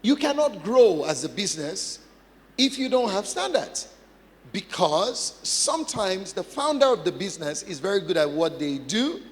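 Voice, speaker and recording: A man's voice: high voice, big pitch swings, normal speed, big-room sound. A man preaching a sermon as pastor, emphatic, repeating phrases and asking the congregation questions.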